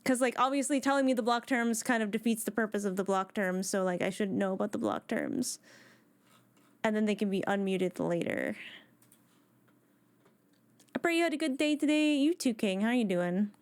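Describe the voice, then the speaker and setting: Chatty woman streamer with a smooth voice. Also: mid-range voice, normal speed, long pauses. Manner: chatty, greets chat members one by one. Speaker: live game streamer. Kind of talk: casual chat with viewers. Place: home streaming setup. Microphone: desk microphone.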